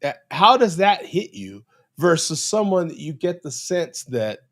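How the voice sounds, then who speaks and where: An American man asking questions in a casual conversation, careful and measured in how he phrases them. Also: fairly high pitch, very animated, a bit bright. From United States.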